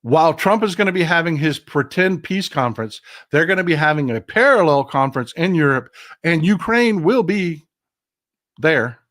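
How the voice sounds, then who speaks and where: Middle-aged man, Texan accent, livestream host, animated folksy talk, a bit high-pitched. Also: moderate pace. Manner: animated, folksy, swears freely, mimics people in quotes. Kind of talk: casual political livestream commentary. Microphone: desk microphone.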